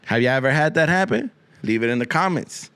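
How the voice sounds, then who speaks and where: A man's voice: mid-range voice, animated, brisk, fairly bright tone, slight background noise. A man hosting a podcast, rambling through a crude comic monologue full of swearing and Spanish slang, often repeating himself. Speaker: podcast host.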